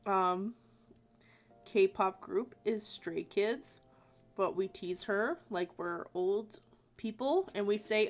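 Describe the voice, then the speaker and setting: A woman chatting casually while she draws, telling animated stories, laughing often, and acting out quotes in squeaky voices. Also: slow pace, faint music behind. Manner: animated storyteller who acts out quotes in high squeaky voices. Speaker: artist hosting a drawing stream. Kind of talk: casual chat while drawing.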